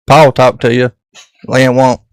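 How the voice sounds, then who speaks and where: A man's voice: mid-range voice, level tone, moderate pace, dry recording. A man, an easygoing podcast host chatting and asking folksy questions. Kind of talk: casual chat.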